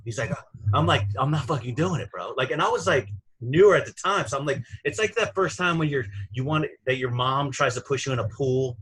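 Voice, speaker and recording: A man's voice: medium pitch, brisk, a bit bright, breathy edge, rough recording. A man, a stand-up comedian, telling a story in casual, profane, rambling talk and laughing at his own jokes.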